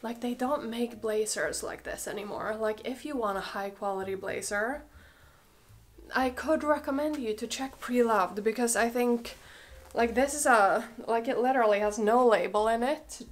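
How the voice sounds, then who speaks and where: A woman's voice: on the high side, moderate pace. A young woman with a cold, chatting casually and gushing through a clothing try-on, full of "like" and "oh my god". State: has a cold, a bit out of breath. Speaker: fashion vlogger.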